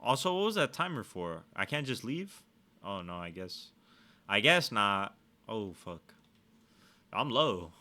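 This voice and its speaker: Gamer guy streaming, bright sharp voice, lively swings, cussing and trash talk. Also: on the low side, a little slow, long pauses. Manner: profane, excitable trash talk. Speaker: gaming streamer. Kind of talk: let's-play commentary.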